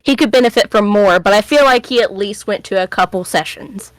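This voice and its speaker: A woman's voice: mid-range voice, fairly quick, no room sound. A woman playing a tabletop game, chatting playfully and giving firm opinions. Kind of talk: casual chat during a tabletop game.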